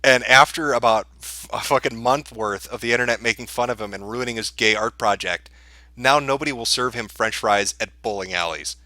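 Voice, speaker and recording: Sneering bright-voiced male commentator. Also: mid-range voice, fairly quick, no echo. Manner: crude, sneering, amused. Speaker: podcast host. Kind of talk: profane mocking commentary.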